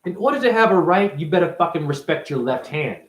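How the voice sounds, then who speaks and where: Profane ranting man, lively swooping pitch. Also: brisk. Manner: profane, confrontational, preachy; rhetorical questions fired at the listener. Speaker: self-styled spiritual teacher. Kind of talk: ranting monologue to camera. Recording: roomy echo.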